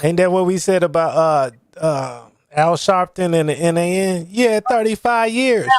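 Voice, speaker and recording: A man from Chicago co-hosting a podcast in casual chat, slangy and joking with sharp retorts. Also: high-pitched, unhurried, smooth, no echo, studio quality. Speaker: podcast co-host.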